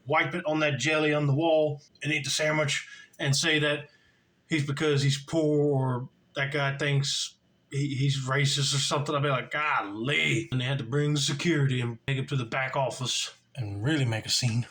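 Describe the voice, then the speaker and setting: A man's voice: medium pitch, steady tone, normal speed, a bit bright, low-quality recording. A man reacting to a video clip with mild, disbelieving commentary.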